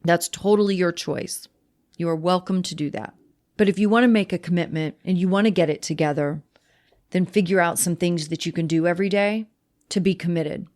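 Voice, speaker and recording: A woman's voice: lowish voice, steady tone, fairly quick, a little mellow. Blunt tough-love woman podcaster. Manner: swears freely. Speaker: podcast host, sobriety coach. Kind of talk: direct motivational talk.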